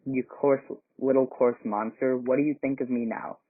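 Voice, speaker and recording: A man's voice: mid-range voice, steady tone, moderate pace, lightly acted. A scornful, haughty girl who taunts with cold questions, read by a man in his plain voice. The sound is thin and boxy, like a phone call. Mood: taunting.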